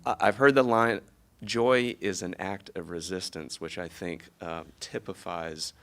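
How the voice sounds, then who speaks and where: A man hosting an interview, with frequent murmured agreement and halting fillers between phrases. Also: low voice, steady tone, a bit bright. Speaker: host.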